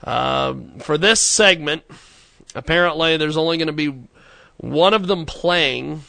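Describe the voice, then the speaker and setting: A man's voice: a little high, unhurried, vocal fry, sharp tone, dry recording. A man hosting a casual studio talk show, rambling with stammered repeats and frequent laughter. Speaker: radio show host.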